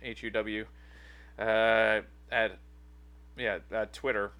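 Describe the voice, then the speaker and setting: Taking it slowly, this man speaks in a lowish, pushed and bright voice with little pitch movement. In his thirties, he co-hosts a podcast, rambling through casual chat full of fillers and restarts.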